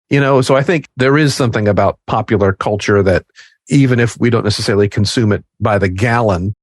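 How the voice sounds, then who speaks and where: A man's voice: lowish voice, fast. A man, an improv teacher co-hosting a podcast, talking casually with playful asides and laughter.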